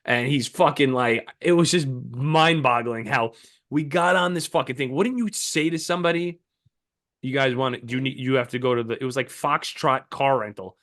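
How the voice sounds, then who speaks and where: A man co-hosting a podcast, telling a profane, animated story in casual chat and acting out the people in it. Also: medium pitch, moderate pace. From New York. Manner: animated, profane, acts out voices in anecdotes. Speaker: podcast co-host.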